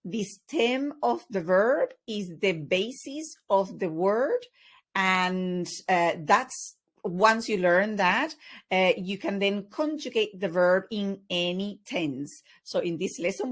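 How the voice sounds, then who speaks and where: A woman teaching an online language lesson over slides, explaining patiently with many fillers. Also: mid-range voice. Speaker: Spanish teacher.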